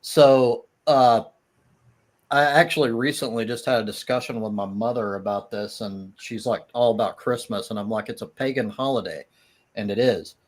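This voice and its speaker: A man's voice: mid-range voice, moderate pace. A man talking casually in a live-stream debate, hesitant and full of restarts, defending his view with a dry laugh now and then. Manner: hesitant, many restarts and fillers, laughs at the idea of souls.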